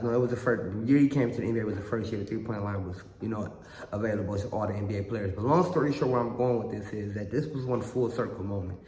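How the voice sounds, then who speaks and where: A young man talks straight to his viewers in a loose, rambling monologue, circling back and repeating himself as he goes. His voice sits at an ordinary middle pitch. The room around him rings with a long, echoey reverb. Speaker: reaction channel host.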